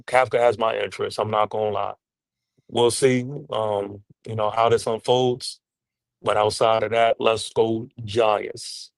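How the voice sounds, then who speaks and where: A man on a podcast panel giving a laid-back closing remark in relaxed slang. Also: fairly low pitch, measured pace, vocal fry, no echo. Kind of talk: casual chat.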